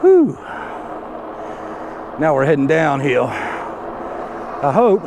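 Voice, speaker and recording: A man's voice: fairly high pitch, very animated. A middle-aged man, puffing and out of breath, giving folksy commentary while riding an e-bike outdoors on an action camera mic. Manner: folksy, slow drawl with rural Southern phrasing. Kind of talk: casual ride commentary. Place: outdoors on a road, riding uphill. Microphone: action camera mounted on a stick. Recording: outdoor wind and traffic noise.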